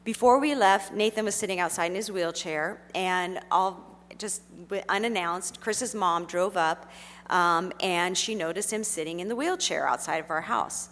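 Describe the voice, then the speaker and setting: A middle-aged woman telling a heartfelt personal story to an audience, speaking gently and earnestly with frequent fillers. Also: on the low side, normal speed, in a large hall, slight background noise.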